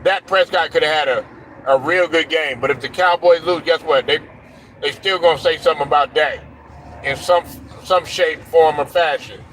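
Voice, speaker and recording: A man's voice: a little high, normal speed, a bit bright, slight background noise, low-quality recording. Blunt, profane man ranting about sports. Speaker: sports commentary host. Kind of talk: opinionated sports rant.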